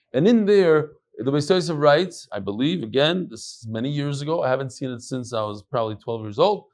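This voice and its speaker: A middle-aged man, a rabbi, giving an animated Talmud lecture, moving between quoted Aramaic and chatty English asides. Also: a little high. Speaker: rabbi teaching a daily Talmud class.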